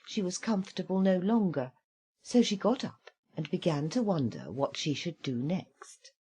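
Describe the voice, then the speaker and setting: A woman reading a fairy tale aloud in an expressive storybook style, with dramatic slowdowns. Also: medium pitch, slightly rough.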